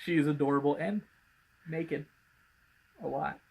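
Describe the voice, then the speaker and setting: A man's voice: on the high side, measured pace, gravelly, darkish tone, breathy edge. A man co-hosting a podcast, chatting casually and rambling with many fillers and restarts. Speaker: podcast co-host. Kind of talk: casual chat.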